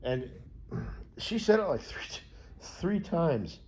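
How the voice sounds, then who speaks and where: A man's voice: a little high, sing-song, takes it slowly, darkish tone, slight background noise. A young American man telling a rambling, profane story with lots of fillers and restarts. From United States. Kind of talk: casual rambling monologue.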